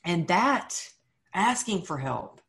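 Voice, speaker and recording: A woman's voice: fairly low pitch, slow, vocal fry. A woman from Texas in her thirties, a guest telling her story earnestly in an interview and acting out the dialogue. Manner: earnest, animated retelling of dialogue. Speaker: guest, author.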